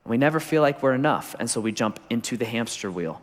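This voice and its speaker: Male pastor, sermon, punchy repetition, wry humor, medium pitch, stage mic, echoing large church. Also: expressive, fast talker, few pauses. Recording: long reverb of a large hall.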